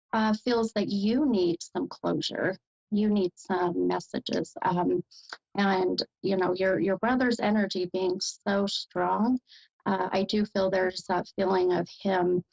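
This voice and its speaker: A woman's voice: medium pitch, slow, creaky, a little mellow, dull audio. An American woman hosting a psychic reading as a medium, speaking hesitantly with many fillers and bursts of delight.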